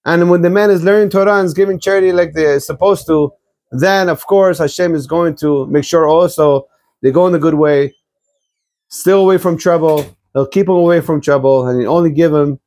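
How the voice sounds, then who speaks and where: A man's voice: on the high side, darkish tone. A man giving a rabbi's sermon, blunt and exhortative, urging his listeners.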